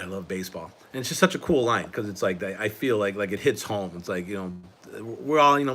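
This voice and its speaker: A man with a low-pitched, somewhat bright voice hosts a casual live stream, chatting as he sorts cards. He's a host and coach whose talk is relaxed and meandering, often starting sentences over.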